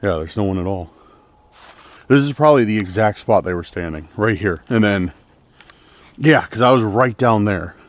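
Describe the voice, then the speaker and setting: Lowish-voiced rambling man vlogging outdoors. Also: expressive, moderate pace, pauses often. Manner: rambling, filler-heavy, uneasy. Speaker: outdoor vlogger exploring trails. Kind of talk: casual vlogging to camera. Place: outdoors on a forest trail at night.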